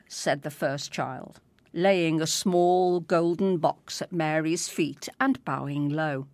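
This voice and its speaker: A woman reading a story aloud in an unhurried, expressive storytelling manner. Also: sits low, no echo. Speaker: reader.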